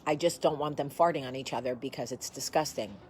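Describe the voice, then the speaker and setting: A woman's voice: very deep voice, fast talker, darkish tone, a little hiss or hum. A woman hosting a casual chat to camera from her home, blunt and sassy in manner. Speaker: host.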